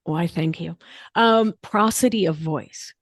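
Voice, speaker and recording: A woman speaking as a podcast guest in an animated, emphatic way, using casual slang. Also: lowish voice, takes it slowly, no room sound, studio quality. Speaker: guest, nurse practitioner and author. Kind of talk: podcast interview talk.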